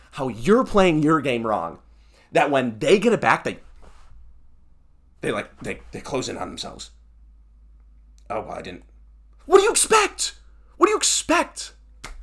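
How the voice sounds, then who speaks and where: A young male podcast host rants alone to the mic, heated and exasperated. His pitch leaps around wildly from low grumbles to high squeaks. Sarcastic asides keep cutting into the tirade. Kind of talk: ranting solo podcast.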